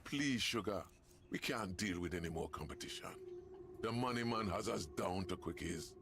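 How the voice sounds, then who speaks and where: A man's voice: deep voice, expressive, normal speed, a bit bright, a little hiss or hum. An actor playing a flirtatious, teasing man in a video game who calls people sugar. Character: flirtatious sleazy man at a card table.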